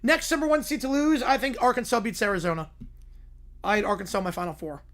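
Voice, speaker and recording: A hoarse man streaming, giving quick offhand replies to chat in a casual Q&A. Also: high voice, fairly even intonation, a bit bright. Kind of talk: casual livestream Q&A.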